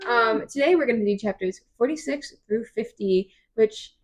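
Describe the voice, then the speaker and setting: A young woman with a slightly high voice recaps a novel chapter by chapter. She talks in quick, animated bursts, full of "um"s and asides, and sounds like she is chatting casually with friends. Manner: animated, quick storytelling with many fillers. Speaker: podcast co-host. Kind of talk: casual book recap chat.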